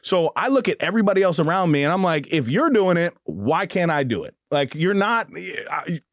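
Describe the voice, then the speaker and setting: A man's voice: high-pitched, big pitch swings, moderate pace, fairly bright tone, no echo, studio quality. A man hosting a podcast, chatting casually and candidly, laughing often and poking fun at himself. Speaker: podcast host.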